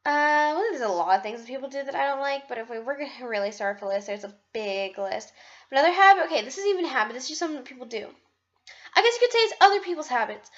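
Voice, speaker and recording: A woman's voice: high-pitched, a bit bright, muffled recording. A young woman in a casual vlog monologue, bubbly and rambling, poking fun at herself. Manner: bubbly, rambling, self-deprecating. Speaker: vlogger.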